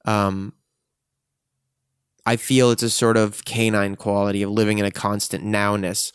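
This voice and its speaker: A man's voice: lowish voice, flat delivery, a little slow, smooth, no echo, studio quality. A man speaking in a frank, profane and emotionally intense way, reflecting on himself in a personal monologue. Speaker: vlogger.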